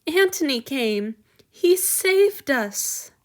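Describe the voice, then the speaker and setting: Woman reader playing a tearful young servant man, raised high and strained, stammering through sobs. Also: big pitch swings, drawn-out words, heavily acted. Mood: shaken. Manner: stammering, sobbing, pleading. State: crying.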